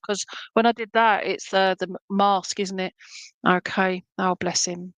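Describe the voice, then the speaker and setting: A woman's voice: mid-range voice, fairly even intonation, moderate pace, creaky, no echo. A woman giving a clairvoyant reading at an online church service, chatty and reassuring, with many fillers and restarts. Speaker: medium at a spiritualist church.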